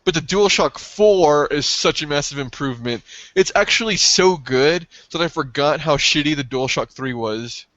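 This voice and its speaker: A man co-hosting a casual gaming podcast, excitable and profane, breaking into yelps when something thrills him. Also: on the high side, moderate pace, hardly any pauses, no echo, lo-fi sound. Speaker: podcast co-host.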